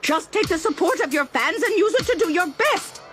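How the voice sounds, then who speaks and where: A woman's voice: very high-pitched, expressive, moderate pace, a bit bright. A woman voicing a stern female anime character who lectures a fighter firmly, with music behind her.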